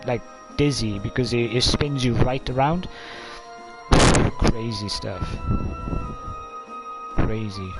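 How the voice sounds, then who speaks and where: A man's voice: mid-range voice, slow pace, pauses often, low-quality recording. Rambling male streamer, mid-range voice, blunt and sweary, music playing behind. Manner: rambling, blunt, swears freely, chummy "mate". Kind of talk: casual rambling live-stream chat. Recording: talk over clear background music.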